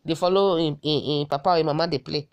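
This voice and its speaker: Fast and steady in tone, her low voice delivers a telling-off in a recorded message. She's a social media commentator with a Nigerian Benin accent, and she keeps throwing out rhetorical questions.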